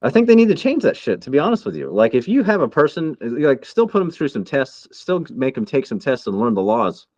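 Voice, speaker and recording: A man's voice: medium pitch, very animated, a little fast, few pauses, darkish tone, no room sound, highs cut off. A man in his thirties co-hosting a casual podcast chat, heated and swearing a lot. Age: 30s. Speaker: podcast co-host.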